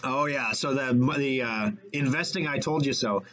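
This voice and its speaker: A man hosting a radio show, talking fast and energetically in casual chat and correcting himself as he goes. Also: medium pitch, a bit bright, rough recording.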